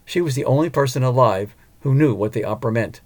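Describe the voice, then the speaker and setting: A man narrating a storybook in a measured, even manner. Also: mid-range voice, slight background noise. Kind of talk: scripted audiobook narration.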